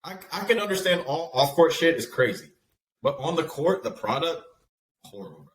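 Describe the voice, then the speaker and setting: A man's voice: a little high, animated, normal speed. A man co-hosting a sports podcast, blunt and dismissive, with slangy casual talk. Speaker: podcast co-host. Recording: echoey room with faint noise.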